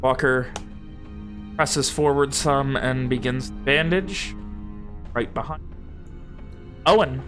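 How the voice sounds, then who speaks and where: A man's voice: medium pitch, takes it slowly, long pauses, over music. A man narrating as game master in a casual tabletop session, swearing freely and acting out how the players react.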